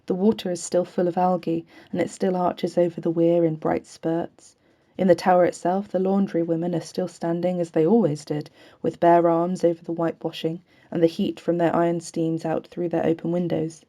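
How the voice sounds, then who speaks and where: Woman audiobook reader, low mellow voice, earnest even novel reading. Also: normal speed. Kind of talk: novel read aloud.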